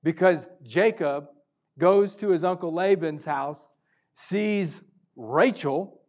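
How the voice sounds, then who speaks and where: A male pastor preaching a sermon, moving between loud urgent stretches and hushed, intimate ones. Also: a little high, slow.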